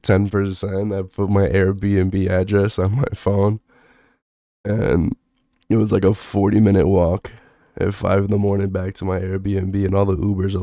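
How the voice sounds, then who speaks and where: Low-voiced young man telling a story. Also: mellow, no room sound, studio quality. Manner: profane, rambling, laid-back with many fillers. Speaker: streamer. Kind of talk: casual storytelling on stream.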